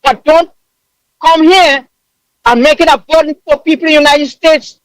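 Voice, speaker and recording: A man's voice: extremely high pitch, fairly even intonation, moderate pace, pauses often, a bit bright, no echo, rough recording. A man, calling in from abroad to a talk radio show, emotional and preaching with emphatic repetition. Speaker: caller living abroad. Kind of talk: impassioned call-in rant.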